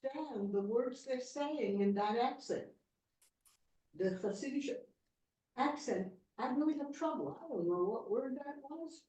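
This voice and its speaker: A woman's voice: high voice, lively intonation, unhurried. Distant woman in an echoey room. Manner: quiet, puzzled remark from the audience. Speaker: class participant.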